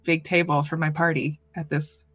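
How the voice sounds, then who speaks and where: A woman's voice: low voice, level tone, moderate pace, dry recording. A woman playing a tabletop role-playing game, thinking aloud hesitantly about her character's moves. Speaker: player.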